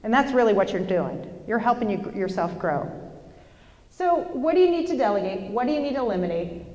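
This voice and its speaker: A woman leading a motivational seminar, talking in a lively, chatty way and putting questions to her audience. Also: a little high, a little fast, big-room sound. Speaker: workshop presenter. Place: lecture hall with an audience.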